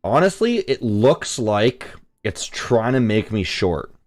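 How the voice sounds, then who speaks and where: A young man from Canada hosts a casual live trading stream in a fairly low voice. He talks loosely to his viewers, reads their chat out, and swears freely when the market moves. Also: takes it slowly. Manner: profane, excitable, reads chat aloud. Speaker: livestream trading host.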